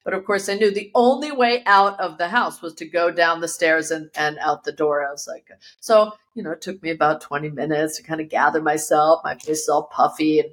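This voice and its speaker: A woman whose voice sits low and moves briskly tells an interviewer a personal story. She narrates it vividly and mimics the people she quotes, and the recording comes from her yoga studio.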